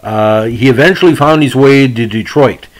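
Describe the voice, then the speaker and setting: A man's voice: medium pitch, normal speed, poor audio. A man hosting a casual podcast, talking in a rambling way with many fillers and restarts. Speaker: podcast host. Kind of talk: casual hockey history podcast.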